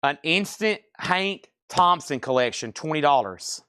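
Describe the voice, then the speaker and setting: A man's voice: on the high side, animated, unhurried, sharp tone, clean tone, dry recording, studio quality. A man hosting a live record sale, chatting casually and thinking aloud as he sorts and prices albums. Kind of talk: casual live sales patter.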